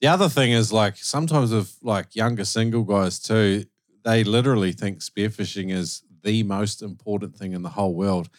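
A man's voice: on the low side, normal speed. An Australian man hosting a casual podcast interview, laid-back and slangy. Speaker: podcast host.

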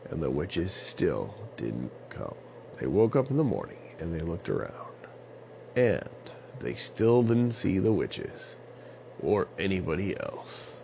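A man with a low, gravelly voice narrates a children's story, his pitch rising and falling animatedly. The recording is slightly dull and lo-fi, with a faint hiss behind him. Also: very animated, slow, darkish tone.

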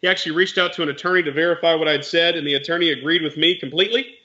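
A man's voice: a little high, racing, sharp tone, dull audio. A man, a real estate investor and mentor, telling a story in casual chat and explaining legal points plainly with animation.

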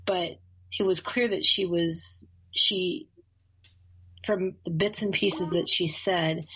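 A woman with a slightly low, husky voice tells a story in a relaxed, conversational way. She speaks earnestly, laughs lightly and often restarts her phrases. The audio is a bit dull and lo-fi. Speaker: guest, course facilitator.

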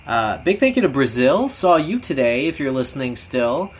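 A man's voice: mid-range voice, big pitch swings, normal speed. A man with a mid-range voice co-hosting a podcast, joking around and swearing without fuss. There is a faint hiss of noise behind him. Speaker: podcast co-host. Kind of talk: casual chat.

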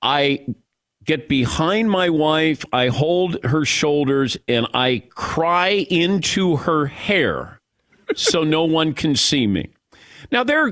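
A man's voice: a little high, a bit bright, no echo. A middle-aged man hosting a sports radio show, telling a story in a casual, self-mocking and emotional way.

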